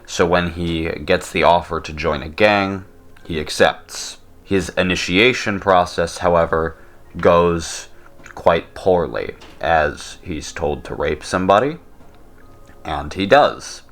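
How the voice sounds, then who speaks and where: A young man talking casually about songs, blunt and opinionated, often pausing with fillers. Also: deep voice, a bit bright. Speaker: YouTube host.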